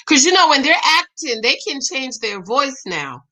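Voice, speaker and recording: Bright-voiced woman chatting with viewers. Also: sits high, normal speed, few pauses. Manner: animated, talks back to viewers' comments. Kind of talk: casual live-stream chat.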